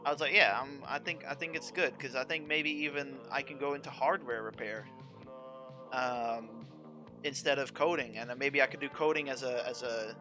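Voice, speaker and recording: A man's voice: mid-range voice, steady tone, normal speed, over music. A young man streaming games at home, ranting to his chat in a restless, profane way and often trailing off to restart. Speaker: game streamer.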